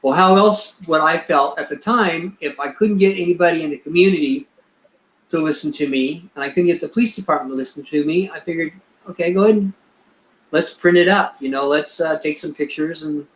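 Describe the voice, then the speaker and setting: A man's voice: on the high side, normal speed. A middle-aged man, a researcher being interviewed, who tells a rambling story and acts out the dialogue he quotes. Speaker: Bigfoot researcher, guest. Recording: echoey room.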